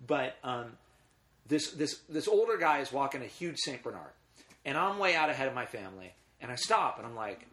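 A man's voice: medium pitch, big pitch swings, brisk, fairly bright tone. A middle-aged man, a guest in casual conversation, telling rambling stories with emotion and frequent restarts.

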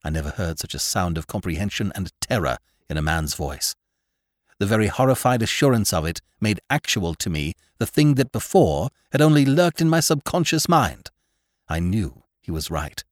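A man reading a first-person horror story as an audiobook narrator, hushed and suspenseful, swelling on tense moments. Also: deep voice, big pitch swings, moderate pace, no room sound, clean studio sound.

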